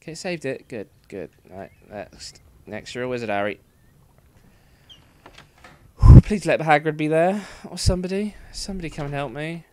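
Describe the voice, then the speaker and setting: A man's voice: on the high side, moderate pace, dark tone. A man livestreaming gameplay commentary, frustrated and swearing through exasperated outbursts. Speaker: let's play streamer.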